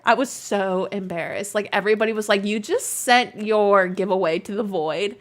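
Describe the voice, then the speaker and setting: A young woman streaming a game, chatting casually, giggling often and bursting into excited outbursts. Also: mid-range voice, moderate pace, few pauses. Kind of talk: casual live-stream chat while playing.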